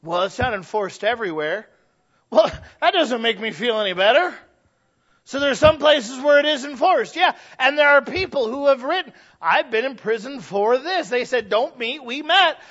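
High-voiced preaching man, lo-fi. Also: lively intonation, normal speed, fairly bright tone. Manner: conversational, emphatic preaching with restarts. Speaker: pastor. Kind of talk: sermon. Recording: dull lo-fi sound.

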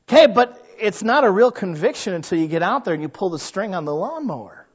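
A man's voice: fairly high pitch, muffled recording. A man preaching a sermon in a conversational way, acting out the thoughts of his listeners. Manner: conversational, acts out quoted inner voices. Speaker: pastor.

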